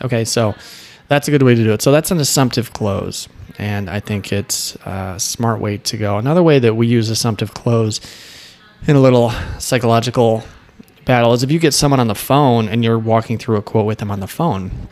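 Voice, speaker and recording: Guy with a gravelly voice giving agents sales tips, casual, keeps restarting his sentences. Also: mid-range voice, normal speed, darkish tone. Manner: conversational, restarts sentences, acts out sample lines. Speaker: insurance sales coach. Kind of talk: casual talking-head advice video.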